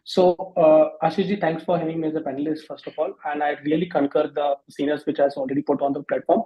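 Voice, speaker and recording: Halting man on a lo-fi call. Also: a little high, level tone. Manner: halting, many fillers and restarts. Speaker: panelist. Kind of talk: panel discussion on a video call. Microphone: video call. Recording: dull lo-fi call audio.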